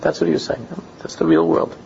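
A man's voice: a little fast, gravelly. A man teaching a Torah class, telling anecdotes and acting out dialogues, mixing Yiddish and Hebrew terms into his talk. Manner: animated storytelling, acts out dialogues in pitch jumps. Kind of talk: Talmudic-style lecture with anecdotes. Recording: lo-fi recording with faint background noise.

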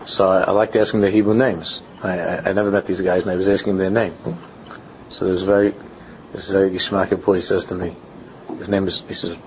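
A man teaches a Torah class in the style of a Talmudic lecture, mixing Yiddish and Hebrew terms into his talk. He tells anecdotes animatedly, acting out dialogues with jumps in pitch. The recording is lo-fi with faint background noise.

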